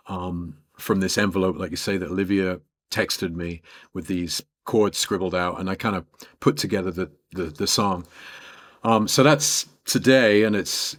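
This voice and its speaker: Chatty low-voiced English man. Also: dry recording, studio quality. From England. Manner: chatty and animated, heavy use of "you know" and "like". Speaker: guest guitarist. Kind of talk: casual storytelling in an interview.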